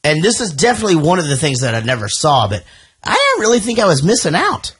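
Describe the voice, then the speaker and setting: Male podcast co-host, husky and breathy, lively pitch, halting casual delivery. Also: dry recording, studio quality. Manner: halting, restarts often. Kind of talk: casual chat.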